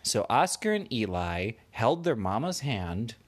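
A man making up a bedtime story for a child, taking his time over every sentence. His voice rises and falls a lot, playful and expressive, as he pulls the listener along. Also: mid-range voice. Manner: slow, animated, playful voices. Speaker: parent telling a bedtime story.

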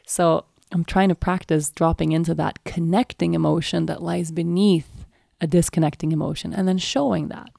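A young adult woman, a mother, reflecting aloud in a casual, earnest monologue, thinking out loud with many "like"s and "right?"s. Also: fairly low pitch, fairly even intonation, moderate pace, creaky, no room sound, studio quality. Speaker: mother sharing personal reflections.

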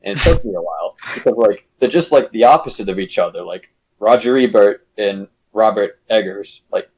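A young man co-hosting a casual movie podcast, halting with fillers and dry humor. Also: fairly low pitch, expressive, darkish tone, slightly rough, rough recording. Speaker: podcast co-host. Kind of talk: casual chat.

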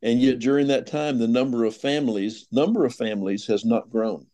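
A man's voice: mid-range voice, fairly quick, mellow. An older man appearing as a podcast guest over a remote call, speaking earnestly about grandparenting and faith. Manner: earnest, exhorting. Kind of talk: earnest ministry talk.

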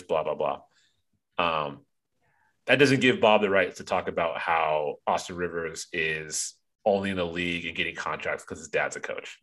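A man's voice: low-pitched, fairly bright tone. A man co-hosting a sports podcast in casual chat, ranting with profanity and plenty of ums. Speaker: podcast co-host.

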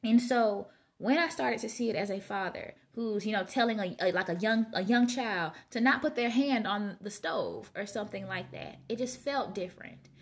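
A woman's voice: medium pitch, expressive, normal speed, few pauses. A woman reading Bible passages aloud and reflecting on them in a casual, conversational way. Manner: conversational, reads scripture aloud then muses informally. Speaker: Bible study vlogger.

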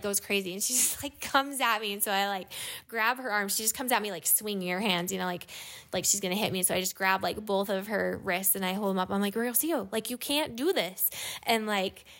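A woman's voice: medium pitch, fairly bright tone. A woman in her thirties, an adoptive mother, telling a family story in a rambling, casual way with lots of "like". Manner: rambling, heavy use of "like", quick asides. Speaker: adoptive mother and podcast guest.

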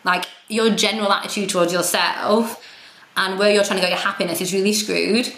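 A woman talks candidly as a podcast guest, frank and self-deprecating. She swears without a second thought. Her voice sits at a middling pitch and rings with the echo of the room. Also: fairly even intonation, fairly quick, a bit bright. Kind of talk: candid conversational storytelling. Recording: roomy echo.

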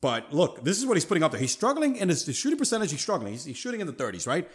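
A man hosting a sports talk show, his pitch swinging up and down as he makes his points. He talks emphatically and leans on casual slang. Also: very fast, breathy edge. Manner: animated, emphatic, street slang. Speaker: podcast host.

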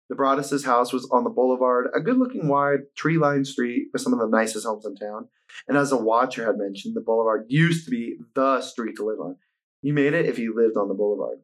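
A man's voice: medium pitch, brisk. Young man reading case notes, casual. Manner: reads notes plainly, then jokes and laughs. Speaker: podcast co-host.

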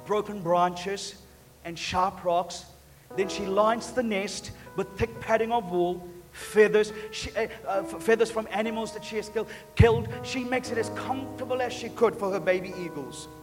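Male pastor, high voice, energetic sermon delivery, echoey hall. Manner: emphatic, joking, repeats words. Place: church. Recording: long church reverb, faint music.

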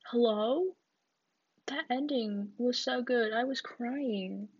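A woman's voice: on the high side, slow, slightly rough. A young woman rambling in a casual solo chat, giggly and full of fillers, on a dull lo-fi recording. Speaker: podcast host.

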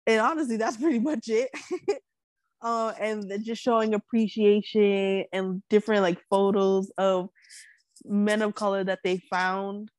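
Slow-talking giggly woman co-host. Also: medium pitch, fairly even intonation, no room sound. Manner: giggly, laughs often. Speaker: podcast co-host. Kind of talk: casual chat.

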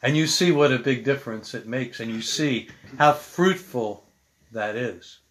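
A man's voice: medium pitch, a little slow, a little hiss or hum. Man preaching in an earnest, conversational way. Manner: reads scripture, then preaches in a conversational, earnest way. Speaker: pastor. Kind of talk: sermon.

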